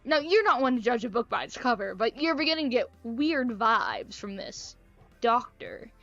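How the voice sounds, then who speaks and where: A woman's voice: fairly high pitch, lively intonation, normal speed, creaky, a bit bright, muffled recording, faint music behind. A young woman reading a visual novel aloud, with playful, chatty, self-mocking asides. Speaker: gaming video creator.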